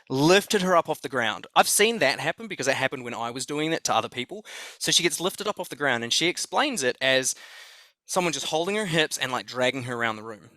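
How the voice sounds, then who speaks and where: An Australian man telling a story as a podcast guest, excited and swearing freely, often restarting his sentences. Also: on the high side, no room sound. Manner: excited, profane, repeats himself. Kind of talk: conversational storytelling.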